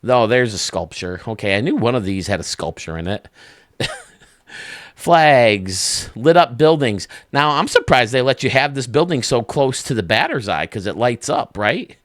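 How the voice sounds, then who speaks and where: A man's voice: medium pitch, very animated, normal speed, a bit bright, dry recording, studio quality. A man hosting a video game channel, giving casual, enthusiastic commentary that rambles as he thinks aloud.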